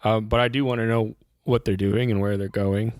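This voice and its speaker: A man's voice: fairly low pitch, steady tone, moderate pace, a little mellow, no echo, studio quality. Easy-laughing man hosting a podcast. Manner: laughs easily, self-deprecating asides. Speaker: podcast host. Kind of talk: casual podcast conversation.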